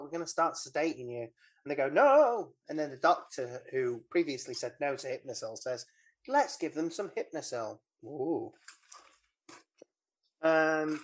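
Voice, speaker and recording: Co-host in casual chat, rambles through plot, mid-range voice. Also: medium pitch. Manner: rambling, mimics film lines. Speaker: podcast co-host. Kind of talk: casual film recap chat.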